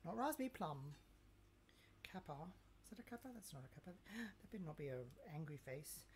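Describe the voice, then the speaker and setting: A woman with a slightly low voice chats away to her stream while she cooks in her kitchen. She talks to herself and her viewers in a loose, playful way and throws in teasing mock threats. A faint hum of room noise sits under her voice. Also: big pitch swings, fairly quick, a little mellow. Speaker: cooking livestreamer. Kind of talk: casual live-stream chat while cooking. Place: home kitchen.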